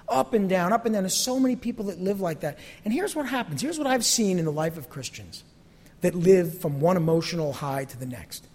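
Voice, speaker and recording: A man's voice: high-pitched, sing-song, a little fast, a little mellow, husky, in a large hall. A man preaching a sermon as a pastor, acting out little voices and sometimes dropping to a near whisper.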